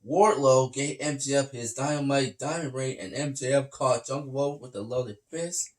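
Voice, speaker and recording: Male podcast host, average pitch, reading results aloud, fumbles names. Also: normal speed. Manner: reads match results aloud, stumbles over names. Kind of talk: reading recaps in casual chat.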